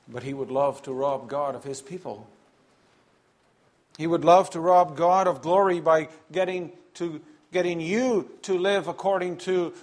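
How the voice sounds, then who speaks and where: A man preaching an earnest sermon, emphatic and measured, with pauses and some repeated words. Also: fairly high pitch.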